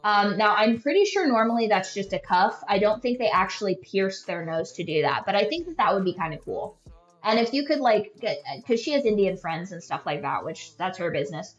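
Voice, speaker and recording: A young woman hosting a podcast talks briskly, her medium-pitched voice full of lively intonation. She rambles casually through stories at her own expense, leaning hard on the filler "like." Expect dull lo-fi audio from an echoey room.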